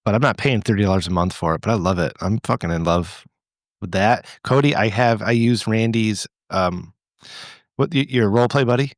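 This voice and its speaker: A man's voice: fairly low pitch, moderate pace, no echo. A man hosting a podcast in loose, rambling chat, swearing freely and restarting his sentences. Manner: rambling, profane, with frequent restarts. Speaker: podcast host.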